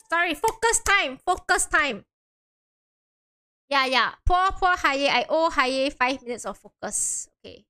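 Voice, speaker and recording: A woman's voice: high-pitched, expressive, measured pace, pushed and bright, soft background music. A young woman streaming a game, chatting casually, giggly and apologetic, often trailing off and repeating herself.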